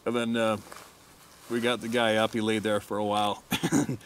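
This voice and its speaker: His voice is smooth and on the low side, moving at a moderate pace as this middle-aged hunting guide casually tells a crude tale. Frequent laughter punctuates it, and his quotes come out crude and animated.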